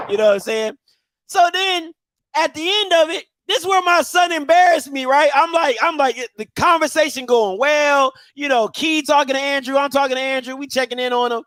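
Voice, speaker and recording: A middle-aged man from Maryland hosting a football show, telling a story in a loud, excitable, slangy way with bursts of outrage. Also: very high voice, brisk, dry recording. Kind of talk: casual storytelling monologue.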